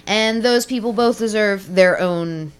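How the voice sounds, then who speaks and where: A woman's voice: medium pitch, measured pace, smooth. A young woman hosting a casual podcast chat, giggly and rambling, sometimes losing her words. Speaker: podcast host.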